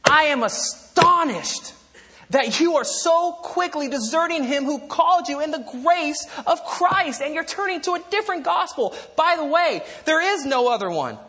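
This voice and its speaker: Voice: high voice, expressive, fairly quick, hardly any pauses, fairly bright tone, in a large hall, slight background noise, voice pushed up. A preacher acting out an indignant apostle. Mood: astonished. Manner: exclaiming, raised and emphatic. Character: indignant male apostle scolding his flock.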